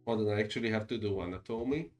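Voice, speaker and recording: Low-voiced man chatting while drawing. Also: rapid-fire, a little mellow. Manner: rambling, hesitant, corrects himself mid-sentence. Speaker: art streamer. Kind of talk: casual chat while drawing on stream. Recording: distant mic, faint background music.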